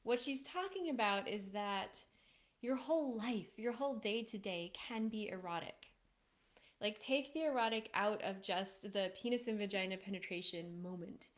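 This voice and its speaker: Lively woman coaching on relationships. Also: medium pitch, moderate pace. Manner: animated, laughs often, acts out quoted voices. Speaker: relationship coach hosting a live stream. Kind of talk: casual advice talk to a live audience.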